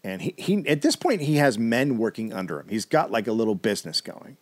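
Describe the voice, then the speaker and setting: A man's voice: mid-range voice, sing-song, a little fast. A man co-hosting a comedy podcast, telling a history story casually with wry asides and the odd swear.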